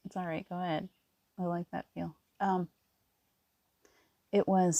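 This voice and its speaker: Woman, low flat voice, dry close sound, casual spiritual talk, tearful and encouraging. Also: normal speed, creaky, pauses often, no echo. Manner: rambling, with many restarts. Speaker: spiritual reader.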